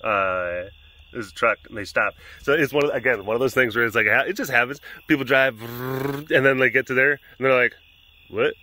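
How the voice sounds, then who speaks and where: A man's voice: medium pitch, fairly quick, bright, forceful tone, a little hiss or hum. A man keeping big cats, chatting casually and playfully scolding the animals in mock-serious tones, outdoors at an animal facility. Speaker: big cat keeper. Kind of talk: casual vlog.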